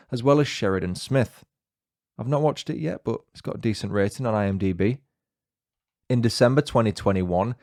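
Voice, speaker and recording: A man with a northern English accent hosting a podcast, narrating in a measured, scripted way with dry, wry asides. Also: on the low side, darkish tone, no echo. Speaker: podcast host. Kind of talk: scripted true-crime narration.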